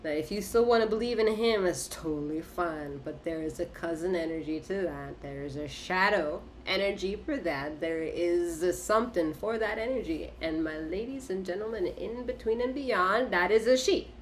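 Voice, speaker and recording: A woman's voice: on the low side, normal speed, hardly any pauses, slight background noise. A woman giving a casual spoken tarot reading, talking emphatically and profanely, repeating short phrases for punch. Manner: emphatic, repetitive, profane, punctuated by laughter. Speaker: tarot reader.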